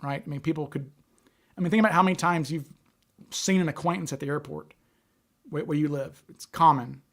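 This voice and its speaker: A man's voice: on the high side, fairly even intonation, brisk. Stammering man hosting a livestream. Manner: stutters, with frequent repeated words and restarts. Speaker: livestream host. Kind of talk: casual livestream chat.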